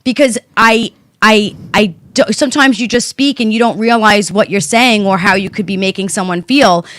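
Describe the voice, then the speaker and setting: A woman's voice: medium pitch, normal speed, a bit bright, no room sound, studio quality. A woman co-hosting a casual advice talk show, candid and reflective, speaking openly about her own habits. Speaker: podcast co-host.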